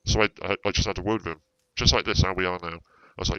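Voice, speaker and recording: A man's voice: low-pitched, fairly even intonation, fast talker, pushed and bright, smooth, dry recording, muffled recording. A man talking in character during a roleplay stream, rambling, repeating himself and swearing freely.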